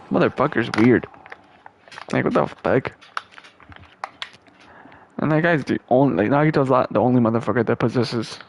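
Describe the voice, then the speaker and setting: A man's voice: medium pitch, slight background noise. Swearing young man gamer. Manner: crude swearing reactions. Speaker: let's play gamer. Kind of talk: reading game dialogue and commenting.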